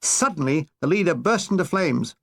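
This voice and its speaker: A man's voice: fairly high pitch, animated, moderate pace. A man narrating his own war memoir as an audiobook, in a dry, wry storytelling manner.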